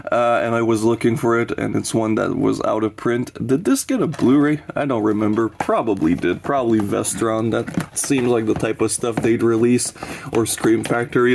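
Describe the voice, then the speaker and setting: A man's voice: medium pitch, a little mellow, a little hiss or hum. A man in his twenties chatting casually and rambling, loose and jokey with lots of fillers. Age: 20s. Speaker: horror collector showing his shelves.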